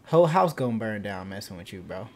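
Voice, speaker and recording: Animated young man doing game commentary. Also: lowish voice, fast, noisy background. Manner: loose slangy talk, bursts into loud excited shouting. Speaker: gaming channel host. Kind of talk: casual let's-play commentary.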